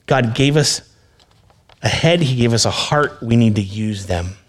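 A man's voice: mid-range voice, expressive, a little slow. A male pastor preaching a sermon in an earnest, conversational way, speaking directly to his listeners.

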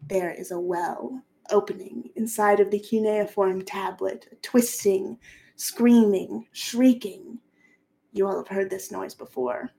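A woman's voice: medium pitch, gravelly, a little mellow. A woman as game master, narrating a tabletop role-playing game in a playful, descriptive way. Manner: playful, descriptive, laughs often.

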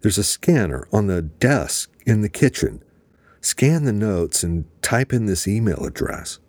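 A man voicing a desperate, grieving man who pleads in a raw, tearful voice, pitched higher than his narration. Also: big pitch swings, measured pace, darkish tone, no room sound, heavily acted. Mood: urgent.

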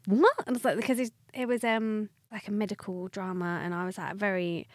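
Animated young woman hosting a podcast. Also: mid-range voice, fast, dry recording, clean studio sound. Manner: animated storyteller, acts out quoted voices. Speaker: podcast host, actor. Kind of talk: casual chat.

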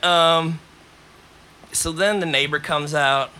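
Man, bright forceful voice, rambling, animated, casual storytelling. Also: a little high, moderate pace. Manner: rambling, animated, coughs between lines. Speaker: podcast host.

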